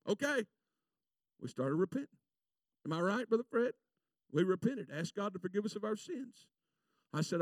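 A man, preaching a fervent sermon and telling folksy stories, stretching out scripture verses slowly. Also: high voice, sing-song, no room sound. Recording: voice from a distance from the mic, dry sound.

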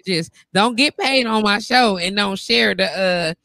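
A woman hosting a live-stream talk show from bed, teasing her guest and reading viewer comments aloud in loud, joking banter. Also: mid-range voice, normal speed, dry recording. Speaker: livestream talk show host.

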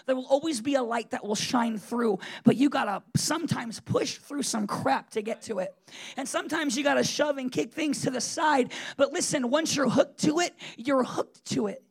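A man's voice: very high voice, normal speed, slightly rough. A man preaching a sermon in a conversational, emphatic way, with frequent fillers and restarts.

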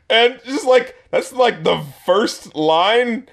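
A man's voice: very high voice, normal speed, vocal fry, few pauses. A man chatting casually, rambling and mocking, swearing freely and laughing often, with many "like" fillers. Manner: profane, rambling, lots of "like" fillers. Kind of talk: casual chat.

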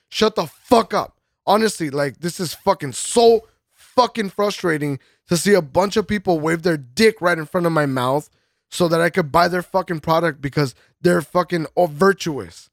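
A man with a slightly high, gravelly voice co-hosts a podcast, ranting angrily with constant swearing and bursts of laughter. The recording is dry and studio quality.

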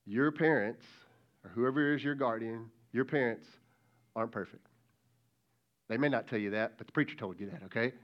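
A man's voice: mid-range voice, lo-fi sound. A middle-aged man, a lead pastor, preaching a conversational sermon and calling out directly to kids and students.

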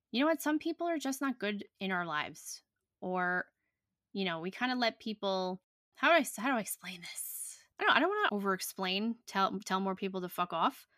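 A young adult woman chats on her podcast, blunt and profane, tossing in fillers as she goes. Her voice is bright and forceful at a middle pitch. The sound is close and dry. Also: expressive, normal speed, no echo. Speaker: podcast host. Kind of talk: casual chat.

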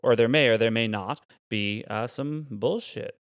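A man co-hosting a casual podcast chat, playful and quick with short reactions. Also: medium pitch, vocal fry, no room sound. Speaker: podcast co-host.

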